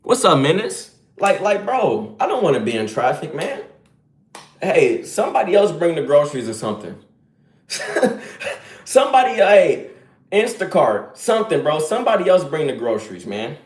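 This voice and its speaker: Male streamer, animated and preachy, slightly high voice, roomy echo. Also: moderate pace. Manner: preachy, emphatic, slangy. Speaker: live streamer. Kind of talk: casual live-stream rant.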